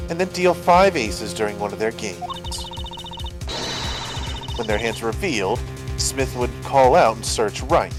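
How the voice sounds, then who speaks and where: A man voicing a scheming female card dealer testifying in a game courtroom, with a put-on Russian accent. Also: mid-range voice. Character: sly female card dealer witness, a con woman.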